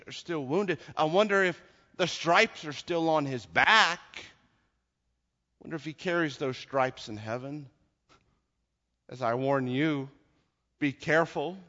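A man preaching a sermon, dramatic and storytelling, dropping low for grim details and shouting at the climaxes. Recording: lo-fi recording with long hall reverb.

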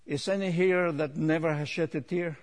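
A man preaching a sermon, rising to loud emphatic peaks and dropping low, with repeated rhetorical questions. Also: fairly even intonation, moderate pace. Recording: long hall reverb.

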